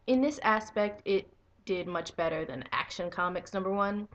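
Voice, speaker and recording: A young woman giving a casual video review of a comic book, excitable and swearing freely, breaking into enthusiastic squeals. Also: medium pitch, moderate pace.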